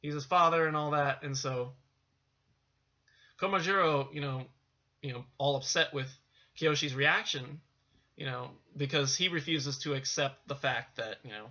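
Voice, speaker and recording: Man, casual film recap, rambling, very bright tense voice, dull lo-fi recording. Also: on the high side, moderate pace. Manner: rambling, full of "you know" and restarts. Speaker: film reviewer. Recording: dull lo-fi sound.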